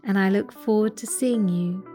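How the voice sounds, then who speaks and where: A woman with a British accent, a yoga teacher leading a slow, soothing guided breathing meditation with long pauses. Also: mid-range voice, over music.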